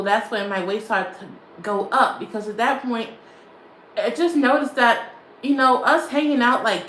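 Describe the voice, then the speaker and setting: A woman's voice: on the high side, fairly bright tone, reverberant, a little hiss or hum, poor audio. A woman vlogger chatting casually to her stream, rambling and repeating herself, laughing often. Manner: rambling and repetitive, often restating phrases; laughs often while talking. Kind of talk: casual livestream chat.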